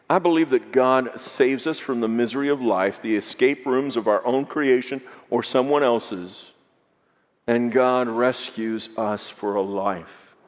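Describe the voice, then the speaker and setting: A male pastor delivers a sermon at an unhurried, deliberate pace. His voice sinks to near-hushes, then climbs to emphatic peaks as he calls the congregation to answer back. A long hall reverb trails every phrase in the big church. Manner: swings between hushed lows and rising emphatic peaks; asks the congregation to repeat lines back. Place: large church sanctuary.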